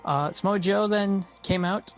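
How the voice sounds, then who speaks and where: A man casually recapping a wrestling show, blunt, opinionated and quick to swear. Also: high-pitched, faint music behind.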